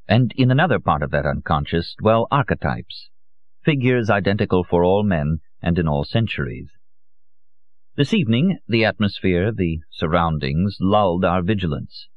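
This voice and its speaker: Man voicing a calm, worldly mentor. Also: low voice, no echo, muffled recording. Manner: soft, consoling, measured.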